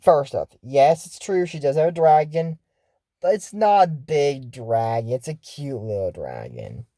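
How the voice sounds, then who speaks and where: Male recapper, rambling and jokey, lively pitch swings, mellow voice. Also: measured pace, dry recording. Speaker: episode recap commentator. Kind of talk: casual comedic cartoon recap.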